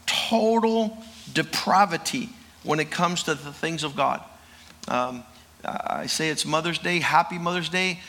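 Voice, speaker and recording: A man's voice: a little high, pushed and bright. A man preaching a sermon and leading a prayer, emphatic and drawn out, often repeating words. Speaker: pastor.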